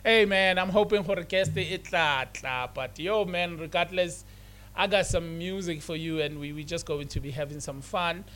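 A man's voice: a little high, moderate pace, a bit bright. A man hosting a radio show, talking in a casual, preachy way, repeating himself and mixing English with Setswana. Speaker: radio host. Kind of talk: casual motivational radio talk.

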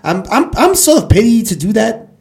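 A man talks through the day's headlines in a loose, chatty way. He repeats phrases as he thinks and laughs easily, and his voice sits a bit high for a man. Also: big pitch swings, moderate pace, creaky, darkish tone. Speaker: show host. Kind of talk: casual news chat.

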